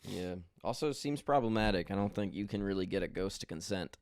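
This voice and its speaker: A man co-hosting a comedy podcast, crude and deadpan, often laughing at his own jokes. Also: low-pitched, a little fast, clear, resonant tone, no room sound, studio quality. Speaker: podcast co-host.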